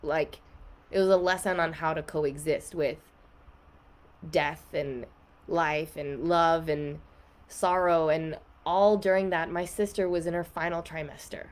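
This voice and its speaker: A woman's voice: sits low, fairly even intonation, a little slow. A young woman guest on a podcast, candidly telling an emotional personal story in a casual way, with many "like" fillers.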